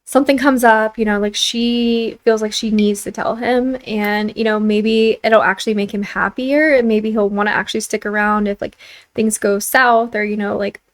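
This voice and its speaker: A woman's voice: medium pitch, steady tone, normal speed. A young woman chatting casually as she narrates a life-sim game for her channel, full of filler words. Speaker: let's play host.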